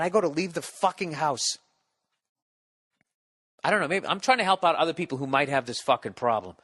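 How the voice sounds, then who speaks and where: A man's voice: fairly high pitch, lively intonation, fairly quick, pauses often, fairly bright tone, in a large hall. Guy in his 40s ranting on his podcast, swears a lot, mocks himself, does goofy voices for people. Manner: profane, self-mocking storytelling; mimics others in exaggerated voices. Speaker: podcast host. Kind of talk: rambling comic monologue. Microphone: studio podcast mic with windscreen.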